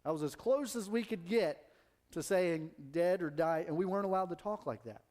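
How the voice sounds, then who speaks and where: Male preacher, thirties, a touch high-pitched, earnest and conversational, stumbling and restarting often. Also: expressive, normal speed, darkish tone. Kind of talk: sermon.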